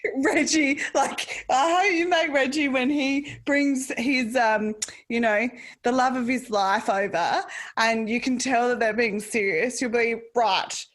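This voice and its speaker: A woman's voice: fairly high pitch, measured pace. A woman with an Australian accent hosting a casual podcast interview, effusive and gushing, with casual swearing. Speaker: podcast host.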